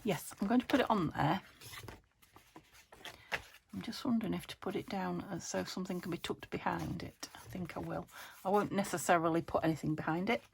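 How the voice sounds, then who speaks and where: A British woman hosting a craft channel, chatting casually as she works, talking to her materials with murmured asides and a slightly croaky voice. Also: on the low side, brisk, slight background noise. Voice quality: a bit croaky. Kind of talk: casual chat while crafting.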